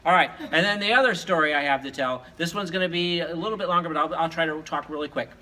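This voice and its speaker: A man's voice: on the high side, fast, sharp tone, low-quality recording. A man, a teacher, telling long joke stories during school announcements in a playful, rambling way. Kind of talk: joke storytelling.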